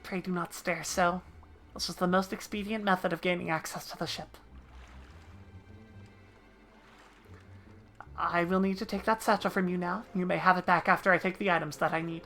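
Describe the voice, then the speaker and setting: A woman's voice: on the low side, steady tone, fast talker, fairly bright tone, faint music behind. A woman voicing a cool, prim young woman who speaks in a formal, haughty way.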